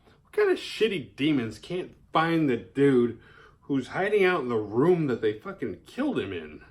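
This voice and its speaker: Man, horror film recap, casual, profane, animated, mid-pitched voice. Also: normal speed. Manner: animated, profane, acts out characters' lines in high voices.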